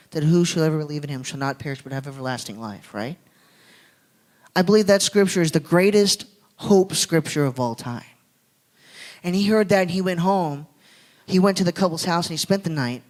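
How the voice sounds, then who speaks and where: A man with a fairly high voice stands up in a church to tell a story. He speaks from the heart and sounds close to emotional throughout. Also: darkish tone, low-quality recording. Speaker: guest speaker. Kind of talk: sermon storytelling.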